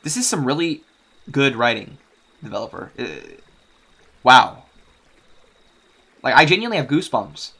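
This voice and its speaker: A man's voice: medium pitch, big pitch swings, normal speed, creaky, pauses often, sharp tone, breathy edge. A man giving casual, profane commentary on a game, rambling with frequent restarts. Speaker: game streamer.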